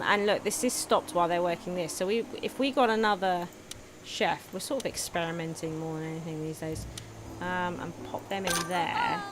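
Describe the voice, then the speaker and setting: A woman's voice: medium pitch, noisy background. A woman giving casual, chatty commentary while streaming a management game, often giggling and talking to her viewers.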